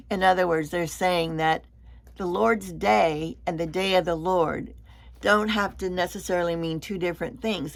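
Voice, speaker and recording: A woman leading a Bible study lesson, explaining slowly and deliberately and sometimes repeating a word as she goes. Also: on the low side, creaky.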